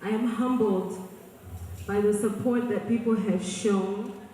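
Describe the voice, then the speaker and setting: A woman, a Shona speaker, giving a humble, measured award acceptance speech on stage. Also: medium pitch, steady tone, dark tone, a little hiss or hum. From Zimbabwe. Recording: echoey hall from far off with music.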